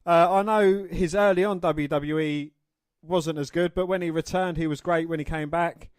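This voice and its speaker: A man's voice: on the high side, steady tone, moderate pace, smooth, dry recording. A man co-hosting a casual podcast, eagerly giving opinions and reading news. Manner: eager, opinionated, says mate. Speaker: podcast co-host.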